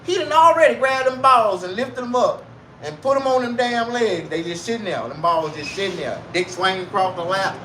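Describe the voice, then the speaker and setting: Loud crude man ranting to camera. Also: high-pitched, a little fast, slight background noise. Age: 40s. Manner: loud, crude, animated street slang. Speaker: vlogger. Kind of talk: casual comedic rant to camera.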